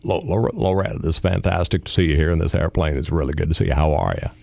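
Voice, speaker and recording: Guy doing a deep drawly old ex-president voice, all chummy and folksy, lows way down. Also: fast, vocal fry, warm tone, no room sound, full character voice.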